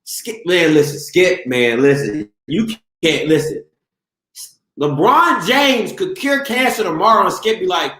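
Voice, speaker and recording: Host, male, high lively voice ranting on a live stream from an echoey room. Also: unhurried. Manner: animated, talks over himself, mocks viewers. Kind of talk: live-stream sports rant.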